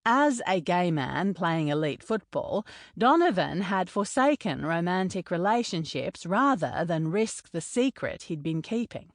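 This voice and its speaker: Slow, low-voiced woman narrating a novel. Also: sing-song, no room sound, clean studio sound. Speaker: audiobook narrator. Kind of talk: scripted audiobook narration.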